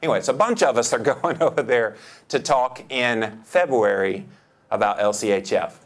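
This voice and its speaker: A man giving a lively, joking seminar talk, jumping up in pitch for emphasis. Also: normal speed. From United States. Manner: enthusiastic, joking, with big pitch jumps for emphasis. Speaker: seminar speaker. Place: lecture hall.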